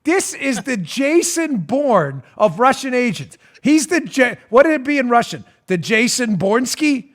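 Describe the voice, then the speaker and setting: A man hosting a political talk show, sarcastic and laughing, swinging from loud jabs to hushed asides. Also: extremely high pitch, very animated, a little slow, few pauses. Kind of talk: animated political commentary.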